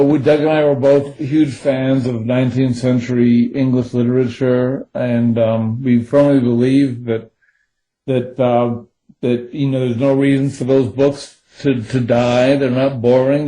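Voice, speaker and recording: Mellow man rambling through an answer. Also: mid-range voice, level tone, unhurried, rough recording. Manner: rambling, many fillers and restarts. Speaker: thriller co-author. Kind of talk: interview answers.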